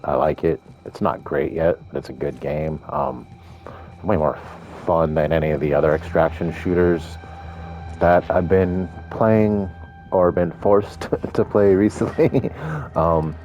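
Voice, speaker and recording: A man's voice: extremely low pitch, a little mellow. A man giving casual gameplay commentary in a groggy morning voice, rambling along with frequent ums.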